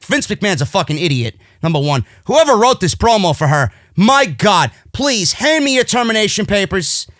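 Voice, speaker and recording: A man's voice: sits high, a bit bright, no echo, studio quality. A man with a New York accent recapping a wrestling show in a sarcastic, exasperated rant, swearing often. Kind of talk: profane ranting show recap.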